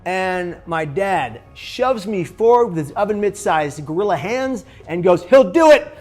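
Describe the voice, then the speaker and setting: Animated man telling a personal story. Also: high-pitched, a little slow, soft background music. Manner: animated, acts out other people's lines in the story. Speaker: suicide prevention speaker.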